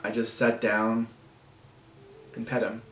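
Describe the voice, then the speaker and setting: A man vlogging to the camera, talking in a soft, halting way with nervous laughs and long pauses. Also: lowish voice, monotone, echoey room, recorded from a distance, rough recording. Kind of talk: personal vlog talking to camera.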